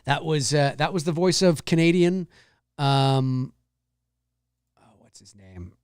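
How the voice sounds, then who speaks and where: A man's voice: darkish tone, smooth, no room sound, studio quality. A man hosting a live-streamed talk show, chatting casually and reading viewer comments, rambling with many restarts and repeated phrases. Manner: drops into low, slow impressions and squeaky high mimicry.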